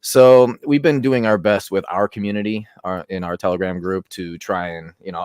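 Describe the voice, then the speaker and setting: Very deep-voiced man chatting casually. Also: fairly even intonation, fairly quick, a little mellow, dry recording, clean studio sound. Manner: casual, hedging with fillers. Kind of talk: casual talk.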